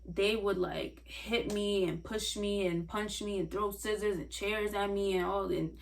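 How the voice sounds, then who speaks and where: A young woman telling a personal story in a casual, halting way, full of "like" fillers. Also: medium pitch, fairly even intonation, creaky, slight background noise. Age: young adult. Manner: halting, many "like" fillers, soft and earnest. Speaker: vlogger sharing a personal story. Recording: voice a bit far from the mic.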